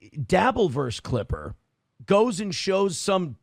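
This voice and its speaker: Gravelly man ranting on a podcast. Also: high voice, sing-song, takes it slowly, dry recording, clean studio sound. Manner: scornful, blunt and profane. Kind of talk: casual podcast commentary.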